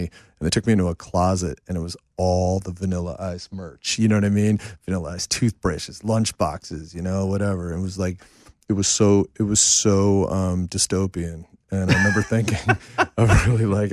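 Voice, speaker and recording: A man in his fifties, a songwriter and producer, telling animated, self-deprecating stories in a casual interview. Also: deep voice, dry recording, clean studio sound. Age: 50s. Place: home studio room.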